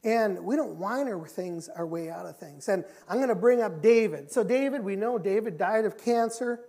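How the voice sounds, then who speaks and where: A middle-aged man preaching a sermon in a church. He talks emphatically, repeats his key phrases, and moves between loud and quiet passages. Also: high voice, animated, moderate pace, gravelly. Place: church sanctuary.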